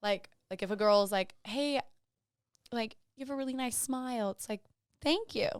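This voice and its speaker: Animated woman, smooth clear voice. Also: fairly high pitch, moderate pace, dry recording, clean studio sound. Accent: Texan. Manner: animated storyteller, acts out quoted exchanges. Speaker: podcast co-host. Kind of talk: casual chat.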